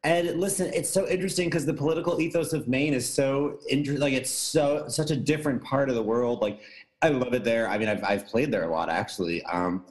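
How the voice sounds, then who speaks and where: A man from New England in casual chat, animated and profane, reacting quickly and swearing freely. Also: mid-range voice.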